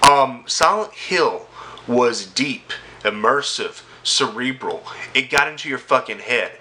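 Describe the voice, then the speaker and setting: A young man ranting about video games, angry and sarcastic, swearing constantly and yelling at times. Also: mid-range voice, expressive, takes it slowly. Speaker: gaming vlogger. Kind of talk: profane gaming rant to camera.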